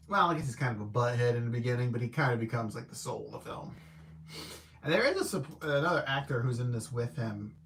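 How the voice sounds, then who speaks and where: A man's voice: mid-range voice, a little hiss or hum. Rambling man chatting about movies. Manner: rambling, self-correcting, thinking aloud. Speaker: film reviewer host. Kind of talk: casual livestream movie review.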